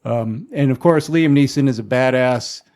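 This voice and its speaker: A man talking loosely on a podcast, wandering through a film plot with plenty of fillers. His voice sits at an ordinary middle pitch. The chat is casual and unhurried. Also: darkish tone. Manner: rambling, loose retelling with fillers. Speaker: podcast host.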